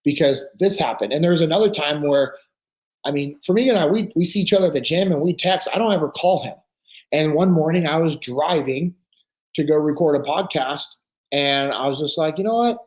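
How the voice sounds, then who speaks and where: A man's voice: on the high side, brisk. A man talking on a podcast, telling stories with earnest conviction and acting out the voices of the people in them. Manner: animated storyteller acting out quoted dialogue. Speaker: podcast speaker. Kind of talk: casual podcast conversation.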